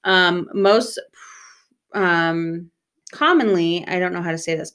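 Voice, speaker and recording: A woman's voice: on the low side, slow, pauses often, a bit bright, clean tone. A young woman co-hosting a podcast, chatting casually, swearing freely and laughing often as she tells stories. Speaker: podcast co-host. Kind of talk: casual chat.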